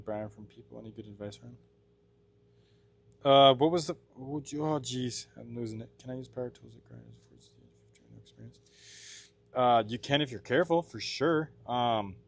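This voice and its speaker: A man's voice: medium pitch, dry recording. A man from Washington State, a blacksmith livestreaming from his workshop, chatting casually, laughing often, reading his chat aloud and answering it while he works. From Washington State, USA.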